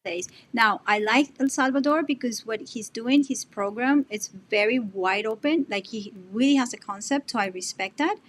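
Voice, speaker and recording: A woman's voice: on the high side, normal speed, hardly any pauses, slight background noise. A woman guest artist in a casual remote interview, effusive and talking in bursts with restarts.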